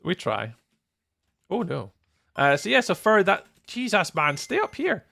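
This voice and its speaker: A man's voice: high-pitched, wildly swooping pitch, unhurried, creaky, pushed and bright. A young Scottish man streaming a game build live, chatting casually, greeting viewers by name and laughing often. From Scotland.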